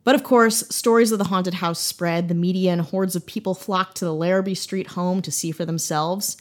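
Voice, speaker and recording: A woman's voice: fairly low pitch, steady tone, normal speed. A young woman from Wisconsin tells a spooky local tale in a loose, chatty podcast style. She keeps breaking into jokes and laughs while she tells it. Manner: playful, jokey, laughs often. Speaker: podcast host. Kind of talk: casual storytelling chat.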